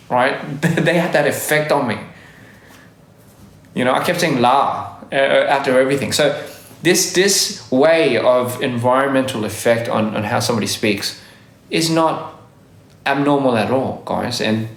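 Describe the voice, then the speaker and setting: Over a phone livestream mic, a young male host chats casually and reads viewer comments in a reverberant mid-range voice. His Australian accent has worn thin after years in Korea and the US. He wanders off topic, keeps correcting himself, and laughs frequently.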